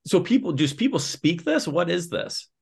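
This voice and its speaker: A man co-hosts a casual podcast and spends much of it reacting to his partner. He drops in short "yeah, yeah" backchannels, and his pitch swings up and down freely. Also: sing-song, moderate pace, gravelly, darkish tone, slightly rough. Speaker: podcast co-host. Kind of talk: casual chat.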